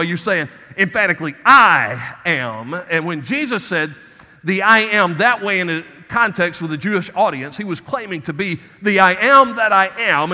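A man preaches a sermon in a church sanctuary, his voice high and bright. He drops to quiet asides, then presses key phrases with force. A long reverb trails each line. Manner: preaching, swings between soft asides and emphatic rises. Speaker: pastor.

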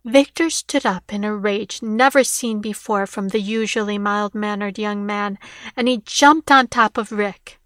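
A woman narrating a novel chapter in a steady, plain reading voice. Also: medium pitch, measured pace, dry recording, clean studio sound. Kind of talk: audiobook narration.

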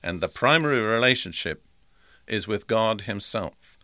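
Guy preaching a sermon, bright forceful tone, dry close sound, earnest and repetitive. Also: lowish voice, animated, measured pace, no room sound.

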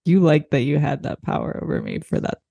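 A woman in a comedy chat who speaks dryly and deadpan, correcting the other speaker's story. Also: deep voice, a little fast, gravelly, husky. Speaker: co-host.

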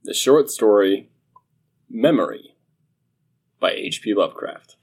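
Guy reading a spooky story real slow, lowish voice, careful delivery. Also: expressive, gravelly, slightly rough. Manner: measured, deliberate reading. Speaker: podcast co-host, story reader. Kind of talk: slow dramatic reading of a horror tale.

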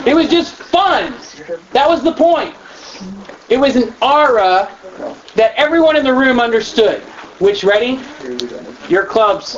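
A man giving a training talk to youth leaders, animated and acting out the kids he quotes. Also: sits high. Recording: dull lo-fi room recording with faint noise.

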